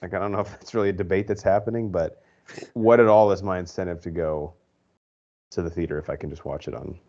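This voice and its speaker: A man's voice: deep voice, steady tone, fast, darkish tone. A man co-hosting a podcast, giving rambling, opinionated movie reviews in casual chat full of fillers. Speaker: podcast co-host. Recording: dull lo-fi podcast audio.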